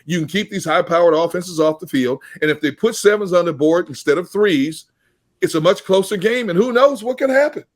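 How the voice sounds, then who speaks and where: A man with a high voice co-hosts a postgame football talk show. He builds his argument in measured steps. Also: animated. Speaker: co-host.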